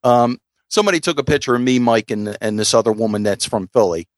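A man's voice: medium pitch, fast talker, dry recording, clean studio sound. A middle-aged man with a Philadelphia accent, co-hosting a casual podcast and telling rambling stories full of restarts and fillers. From South Philadelphia. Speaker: podcast co-host.

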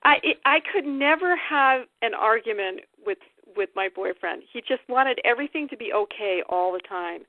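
A woman's voice: on the high side, animated, normal speed, few pauses, no room sound. A woman on a group call talking candidly and emphatically about her feelings, laughing now and then. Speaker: call participant. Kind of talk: casual personal sharing. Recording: tinny phone line, dry.

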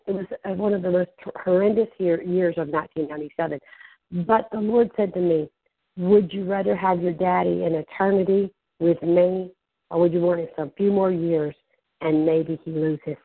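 A middle-aged woman preacher giving a fervent testimony sermon, drawing key words out slowly for emphasis. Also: on the low side, gravelly, no echo. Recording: tinny phone-like line, dry.

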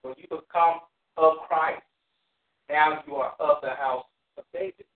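Male Bible study leader on a call, slightly raised pitch, slow deliberate scripture reading into casual explanation. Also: steady tone, far from the mic. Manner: reads verses in slow, measured King James phrasing, then explains plainly with fillers. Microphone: phone or call line. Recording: tinny phone line with roomy echo.

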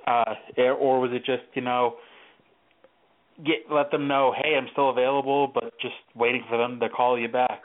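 A man with an ordinary mid-range voice asks his guest a long question in a steady, measured way, with a few ums along the way. His voice comes through narrow and tinny, like a phone line. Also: mid-range voice. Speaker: podcast host. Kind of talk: interview questions.

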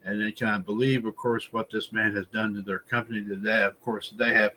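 A man's voice: on the low side, little pitch movement, fairly quick, sharp tone, a little hiss or hum, rough recording. A man hosting a wrestling news podcast, talking in a rambling, casual way, often circling back with filler phrases and calling his listeners folks. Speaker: podcast host.

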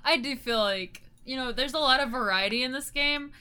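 Bright-voiced young woman, laughing podcaster. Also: high voice, slight background noise. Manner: laughs often, quick excited delivery. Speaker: podcast co-host. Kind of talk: casual gaming chat.

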